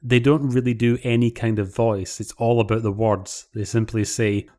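A man in a casual discussion, measured and deliberate, with dry humor. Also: medium pitch, flat delivery, mellow.

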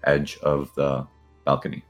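Very deep, flat-voiced man player. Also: unhurried, faint music behind. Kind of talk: playing a tabletop game.

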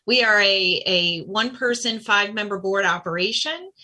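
A woman who runs a small nonprofit, answering interview questions in an earnest, measured way. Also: mid-range voice, expressive, pushed and bright. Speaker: nonprofit founder. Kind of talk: interview guest.

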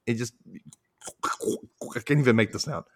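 A man casually recapping a cartoon on a podcast, animated, laughing often and acting out quotes. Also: medium pitch, a little slow, dry recording. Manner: animated retelling, frequent laughter, acts out quotes.

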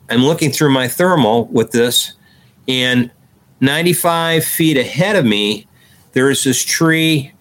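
Male podcast guest, mid-range voice, animated storyteller who acts out quoted dialogue. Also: mid-range voice. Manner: detailed, recounting step by step with restarts. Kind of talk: conversational storytelling.

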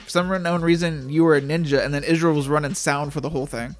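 A man's voice: fairly high pitch, steady tone, quick pace. Man telling a rambling story, music behind. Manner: rambling, heavy use of "like", acts out quotes. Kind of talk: casual storytelling chat.

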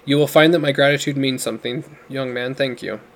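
A man voicing a big, deafened father who shouts in a booming voice. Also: steady tone, brisk, lightly acted. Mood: grateful. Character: loud deafened father with a mustache.

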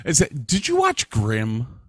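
A man's voice: mid-range voice, wildly swooping pitch, slow, fairly bright tone, slightly rough, dry recording. A man co-hosting a podcast in casual, joking chat, swearing and laughing often. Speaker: podcast co-host.

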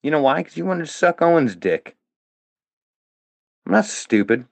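This podcast guest, a man who used to be a fan of a comedian, aims an angry, expletive-laden monologue at his critics. He sounds very animated, with a fairly high, gravelly voice at a moderate pace, recorded with no room sound.

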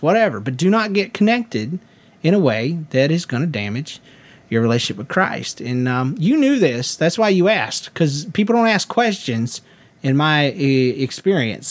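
A man voicing a loud, charismatic male Southern preacher in a mock sermon with a Southern accent, folksy and emphatic. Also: fairly high pitch.

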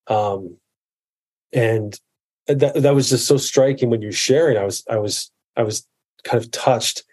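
Podcast guest, man in his thirties; warm, dark tone, earnest and reflective delivery. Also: medium pitch, a little slow. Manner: earnest, reflective, restarts often. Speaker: podcast guest, medical provider. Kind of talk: casual conversation.

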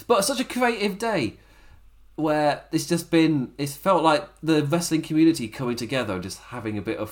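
Animated, laughing man. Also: on the high side. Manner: rambling, laughs often, animated. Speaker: wrestling show host. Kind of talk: casual commentary to camera.

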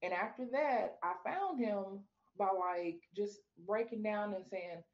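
A woman guest on a podcast, telling her story in casual talk and acting out her own questions to God in a high, lively voice. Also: slow, dull audio. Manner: animated storyteller, acts out quoted talks with God in a high voice. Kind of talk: casual faith interview.

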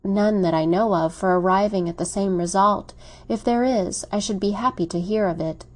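A woman's voice: medium pitch, moderate pace, a little mellow, close to an everyday voice. Ardent young man courting, insistent and persuasive, read by a woman. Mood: reasoning. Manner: insistent, reasoning.

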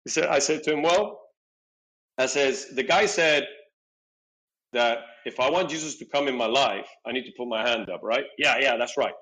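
This middle-aged podcast guest speaks at medium pitch and a moderate pace while telling a personal story in casual conversation. Animated throughout, he performs both his own dialogue and other people's, leaning often on "you know." The recording is rough.

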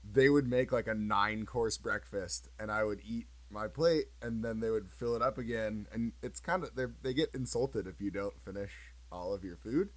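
Relaxed American man, lowish voice. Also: normal speed, hardly any pauses, rough recording. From United States. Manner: relaxed, conversational storytelling. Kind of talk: casual chat.

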